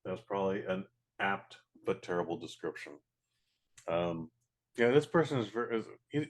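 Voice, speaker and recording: A man's voice: deep voice, lively intonation, moderate pace. A man, co-hosting a casual podcast, making blunt, sweary, sardonic remarks. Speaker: podcast co-host.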